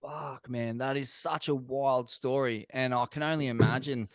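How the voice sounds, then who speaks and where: A man's voice: medium pitch, fairly even intonation, moderate pace. A man hosting a podcast, chatting in a laid-back way with eager, sweary reactions. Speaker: podcast host. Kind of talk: casual interview chat.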